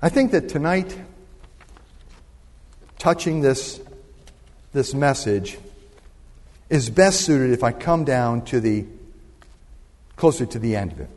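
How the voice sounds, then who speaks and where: A man's voice: a little high, darkish tone. A man in his sixties preaching a sermon, telling a story and drawing the congregation into call-and-response. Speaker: pastor. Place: church sanctuary. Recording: long hall reverb.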